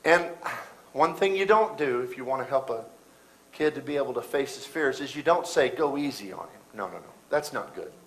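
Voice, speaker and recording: A middle-aged man preaching a sermon, telling a story that swings between loud bursts and hushed, quiet moments. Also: medium pitch, lively intonation, a little fast, low-quality recording.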